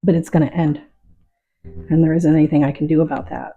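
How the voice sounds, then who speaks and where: A middle-aged woman painter talking calmly and reflectively while she works, open about her feelings. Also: low voice, fairly quick, narrow, tinny audio. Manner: calm, reflective, openly emotional. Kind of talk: casual talk while painting.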